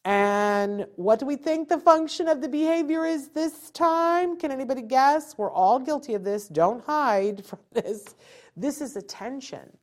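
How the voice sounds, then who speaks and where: A woman's voice: on the high side, expressive, normal speed. A woman giving an informal teaching talk to parents. She acts out quotes and keeps asking rhetorical questions. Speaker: parent educator.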